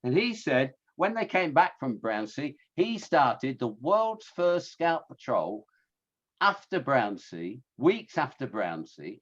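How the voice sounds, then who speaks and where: A man at a medium pitch gives an informal slide talk on local history. He rambles and corrects himself, dropping in wry asides along the way. The recording sounds a little dull and lo-fi. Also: very animated, slow pace.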